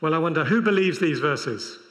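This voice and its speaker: A man preaching to a large convention crowd, conversational and dryly funny, slipping in self-mocking asides. His voice sits a little higher than most men's. The sound carries the long reverb of a big hall. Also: animated, moderate pace, fairly bright tone. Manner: conversational with wry humorous asides. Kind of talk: sermon.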